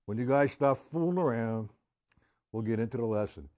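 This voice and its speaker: During a live-streamed drum lesson, a man with a mid-range voice patiently explains and counts rhythms aloud at a moderate pace, with faint drumming audible behind him.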